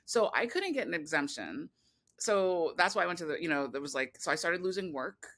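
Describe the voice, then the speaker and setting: A woman guest on a podcast, telling a long personal story in a rambling, animated way, full of restarts and quoted voices. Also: lowish voice, fairly quick. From California. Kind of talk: casual interview conversation.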